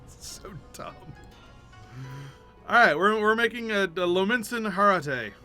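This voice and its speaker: A man's voice: high-pitched, big pitch swings, very slow, long pauses, pushed and bright, soft background music. A man streaming a game, talking casually with chatty, jokey asides. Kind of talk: casual gaming commentary.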